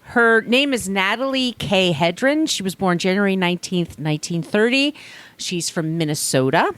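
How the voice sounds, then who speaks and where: A woman's voice: medium pitch, expressive, moderate pace, fairly bright tone. A woman in a mid-range voice hosts a podcast, telling stories casually. She rambles loosely and breaks off into asides as she goes. The sound is dry and close, with no room echo. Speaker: podcast host. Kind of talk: casual chat, storytelling.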